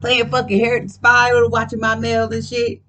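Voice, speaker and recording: A woman's voice: fairly high pitch, completely flat delivery, moderate pace, sharp tone. A woman doing a casual card reading at home, talking in a profane, emphatic, rambling way. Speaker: card reader.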